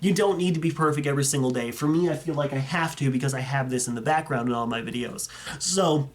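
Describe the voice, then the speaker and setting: A young man with a mid-range voice talks quickly, chatting casually and enthusiastically as he reviews viewer photos. He's a YouTuber going through fan collections, rambling and correcting himself along the way.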